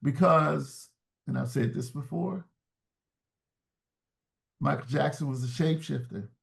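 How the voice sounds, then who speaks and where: A man's voice: mid-range voice, unhurried, vocal fry. A man talking as an interview guest in a reflective, searching way, often restarting words mid-thought. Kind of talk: casual interview talk.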